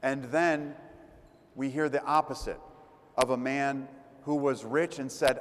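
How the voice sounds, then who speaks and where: A man's voice: mid-range voice, steady tone, unhurried. Priest man giving a chatty sermon, storyteller vibe, long church echo. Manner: conversational storytelling, acts out voices of crowd.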